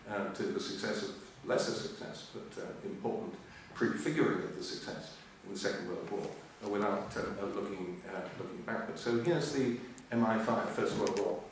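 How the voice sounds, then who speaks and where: An older man giving a history lecture, full of ums and uhs, with dry humour. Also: lowish voice. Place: lecture hall. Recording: echoey hall, voice from far off, faint hiss.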